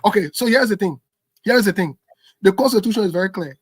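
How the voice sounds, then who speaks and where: Commentator, husky voice, dry sound, keeps saying no no wait let me finish. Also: male voice, high voice, expressive, fast, no echo. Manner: insistent, holds the floor with repeated no's. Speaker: political commentator. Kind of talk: heated political debate.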